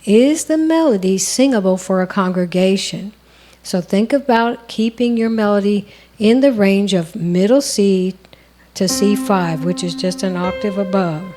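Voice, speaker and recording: A woman's voice: mid-range voice, a little mellow. A woman co-hosting a songwriting lesson, explaining step by step in a conversational way. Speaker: songwriting co-host. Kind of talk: instructional conversation.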